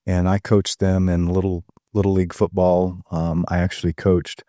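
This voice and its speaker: An older man talks in a deep, mellow voice. He tells stories earnestly and folksily, pausing on ums. The sound is dry and close. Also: little pitch movement, no echo. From Tennessee. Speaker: guest. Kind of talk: casual storytelling interview.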